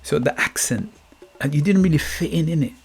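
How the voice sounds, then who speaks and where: A man's voice: fairly high pitch, fairly quick, breathy edge, soft background music. A middle-aged man from Guyana with a Guyanese Caribbean accent, hosting a reflective motivational podcast monologue, musing, repeating words and checking in with "you get me?". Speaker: podcast host. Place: England.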